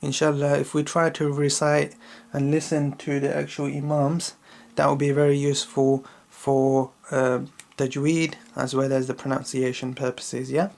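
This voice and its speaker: A man teaching slow Quran recitation to children. He is patient, repeats each verse several times and checks in with a questioning "yeah?". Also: mid-range voice, little pitch movement, vocal fry, a little mellow.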